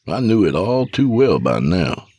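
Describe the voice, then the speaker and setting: A man narrating a first-person story in an expressive, dramatic reading. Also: low voice, unhurried, breathy edge, no room sound.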